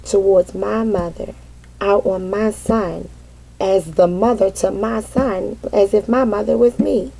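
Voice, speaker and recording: A middle-aged mother telling a candid, casual personal story, animated and peppered with cursing. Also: medium pitch, a little slow, creaky, poor audio. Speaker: mother sharing parenting experience.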